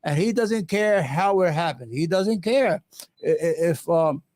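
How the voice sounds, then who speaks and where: A man hosting an opinionated live commentary stream, impassioned and sarcastic, often halting on fillers and restarts. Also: on the high side, lively intonation, a little mellow, no echo. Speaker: livestream host.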